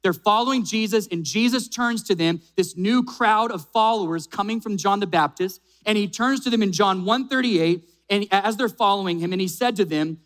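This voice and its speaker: A man preaching an Easter sermon as a pastor, emphatic, slowing down and repeating key phrases for weight. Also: high voice, fairly bright tone.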